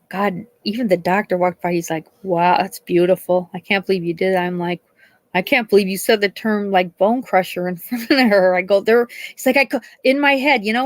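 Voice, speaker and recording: On a live stream, a middle-aged woman hosts with a medium-pitched voice in a dry recording. She tells a long, chatty story, swearing, laughing, and acting out the people she quotes.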